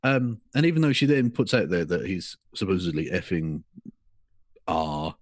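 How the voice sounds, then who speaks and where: A man's voice: low voice, very animated, normal speed, no echo, clean studio sound. A man co-hosting a casual podcast chat, sarcastic and mocking, swearing freely. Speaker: podcast co-host.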